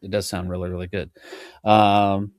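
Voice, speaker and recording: A man's voice: deep voice, flat delivery, moderate pace, no room sound, studio quality. Rambling man hosting a drum podcast. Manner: rambling, self-interrupting, laughs often. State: has the hiccups. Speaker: podcast host and drum teacher. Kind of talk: casual chat.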